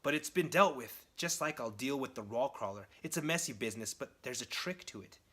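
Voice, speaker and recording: A man's voice: mid-range voice, lively intonation, fairly quick, a bit bright. A man voicing a creepy, menacing villain from a comic book.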